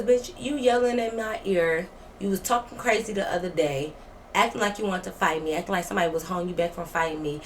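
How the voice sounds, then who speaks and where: A woman's voice: lowish voice, fairly bright tone, a little hiss or hum. Blunt, profane young woman telling a story. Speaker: vlogger. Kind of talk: casual storytime.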